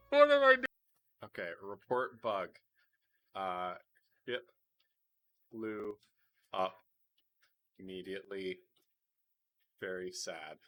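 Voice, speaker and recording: A man's voice: low-pitched, very animated, slow pace, pauses often, a bit bright. A man streaming a tabletop game, joking around, laughing and talking to his chat. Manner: joking, giggly, talks to chat. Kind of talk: casual live-stream chat.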